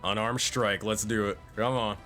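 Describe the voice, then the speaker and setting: A man's voice: on the low side, steady tone, moderate pace, pushed and bright. A man running a tabletop game online as game master, narrating scenes and laughing often between rolls. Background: faint music.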